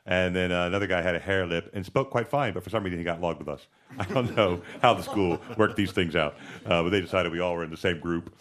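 A man's voice: sits low, fast. A man with a slight lisp telling a rambling comic story on stage, laughing at himself as he goes. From from overseas. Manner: rambling, animated, laughing at his own story. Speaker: comedian guest.

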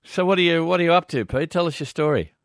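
An Australian man hosting a casual radio show, chatting relaxed and reading listener letters. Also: fairly high pitch, fast talker, no room sound, studio quality. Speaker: radio host. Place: radio studio.

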